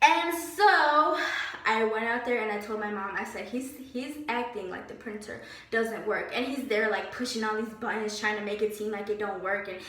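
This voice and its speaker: A young woman vlogger telling a story about a bad job in a casual, animated and indignant way, with lots of "like". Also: on the high side. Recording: very echoey room, slightly distant mic.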